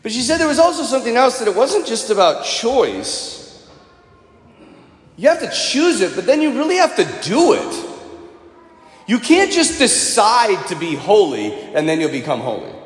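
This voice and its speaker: Priest preaching in an echoey church. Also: male voice, high voice. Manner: storytelling homily, conversational, acts out quoted voices. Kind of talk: sermon. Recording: echoey church with long reverb.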